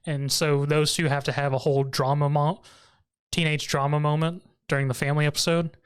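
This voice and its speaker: A man's voice: on the high side, little pitch movement, brisk, clean tone. A man co-hosting a podcast, casually recapping an anime episode, laughing often and briefly mimicking the characters. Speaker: podcast co-host.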